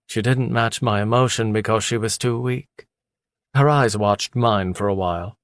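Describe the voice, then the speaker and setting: Deep-voiced male audiobook narrator. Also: moderate pace, smooth, no room sound, studio quality. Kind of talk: first-person audiobook narration.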